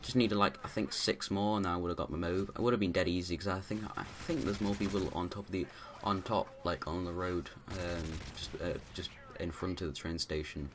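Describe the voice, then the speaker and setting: Low-voiced guy talking over his game footage, rambly, faint noise behind. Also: steady tone, a little fast, hardly any pauses. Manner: rambling, many restarts and fillers. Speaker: gameplay commentator. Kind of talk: casual gameplay commentary.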